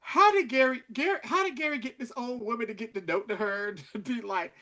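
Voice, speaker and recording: A man co-hosting a podcast, chatting casually as he recaps a TV episode in an animated, slangy storytelling way. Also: very high voice, a little fast. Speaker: podcast co-host.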